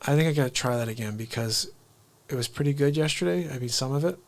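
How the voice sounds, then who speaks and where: A man's voice: medium pitch, quick pace. A man hosting a casual comedy livestream, playful and rambling as he chats. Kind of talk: casual live-stream chat.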